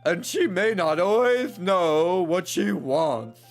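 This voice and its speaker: A man reading visual novel dialogue aloud, voicing a shy, thoughtful anime schoolgirl with a slow, earnest, poetic delivery. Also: high-pitched, expressive, soft background music.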